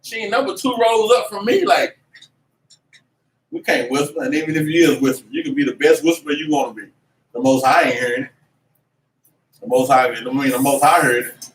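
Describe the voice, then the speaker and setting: Animated preacher man, echoey room. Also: a little high, fairly quick, pauses often. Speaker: class teacher. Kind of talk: religious class teaching. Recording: echoey room, mic at a distance, faint noise.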